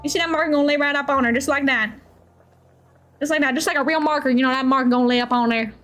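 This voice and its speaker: A woman's voice: high-pitched, racing, a bit bright. A woman voicing a folksy, drawling painter with a put-on Southern U.S. accent, dropping words as she shows off brushes.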